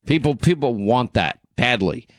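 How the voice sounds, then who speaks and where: A man hosts a talk radio show and rants with indignation. He rambles and restarts his sentences in a mid-pitched voice. The sound is dry and close. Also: animated, unhurried, no room sound. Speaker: radio host.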